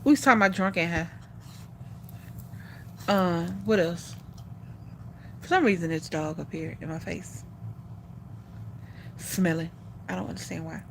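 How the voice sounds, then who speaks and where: A woman's voice: on the low side, a little slow, gravelly, long pauses, a little hiss or hum. A woman hosting a casual livestream, chatting with her viewers and calling them y'all. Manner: sing-song coaxing to her dog. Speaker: livestream host.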